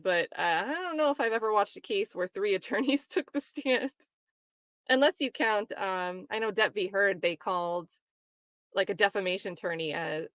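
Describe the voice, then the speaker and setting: Woman host, casual stream talk, mid pitch, laughs often, dry close mic. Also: a bit bright, dry recording. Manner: chatty, laughs often, mocks quoted voices. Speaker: livestream host commenting on a trial. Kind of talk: casual livestream commentary reading chat.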